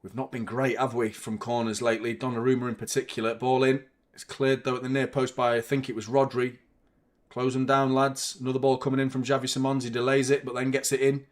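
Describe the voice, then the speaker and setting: Swearing football fan on a livestream. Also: male voice, mid-range voice, flat delivery, a little fast. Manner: fan reacting to play, swears and shouts at the referee. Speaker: football watchalong host. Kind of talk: live match commentary and chat.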